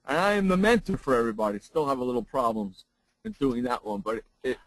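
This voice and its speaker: A man who works as a broadcast voice trainer, talking in a casual studio chat and jumping high in pitch mid-sentence. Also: very animated, fast talker, no room sound, rough recording.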